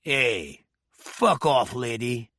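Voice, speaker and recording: A man voicing a bullying gangster who talks in a low, threatening, profane way. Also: sing-song, extremely slow, pushed and bright, no echo, studio quality, exaggerated voice.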